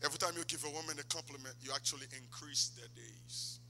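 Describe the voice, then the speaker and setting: A man preaching a sermon in a church, swinging from loud exhortation to quiet asides. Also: mid-range voice, fast, gravelly, slight background noise. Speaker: pastor. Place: church sanctuary. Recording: long church hall reverb.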